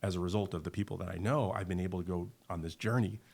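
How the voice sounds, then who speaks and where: A man voicing a calm, wise old man sitting on a bridge in a story he tells. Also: low-pitched, quick pace, vocal fry. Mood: content. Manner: easygoing, storytelling voice.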